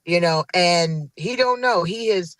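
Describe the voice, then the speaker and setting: A woman's voice: fairly low pitch, unhurried, a bit bright, no room sound. Sassy woman telling stories. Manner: emphatic, sassy storytelling. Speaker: guest. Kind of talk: casual podcast chat.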